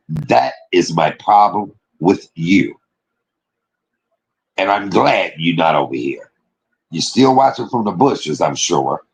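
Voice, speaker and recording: Brief: man from Detroit hosting a livestream, rants and swears, lots of laughter, big swings in pitch. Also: low-quality recording. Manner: animated, profane, laughs often. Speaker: livestream host. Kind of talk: casual ranting livestream talk.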